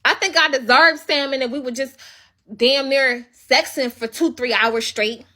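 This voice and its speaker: A woman's voice: high voice, normal speed, sharp tone. A young woman livestreaming from home, telling a story as an indignant, swearing rant. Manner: indignant, venting, swears freely. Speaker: livestream host.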